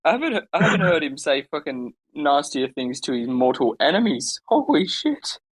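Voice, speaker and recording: Quick man tossing in swearing asides. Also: a little high, big pitch swings, slight background noise. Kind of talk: casual group chat.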